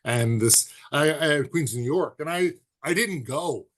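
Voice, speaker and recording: Animated man telling radio stories. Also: a little high. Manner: animated storyteller, does quick impressions. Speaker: podcast co-host. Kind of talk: casual sports chat.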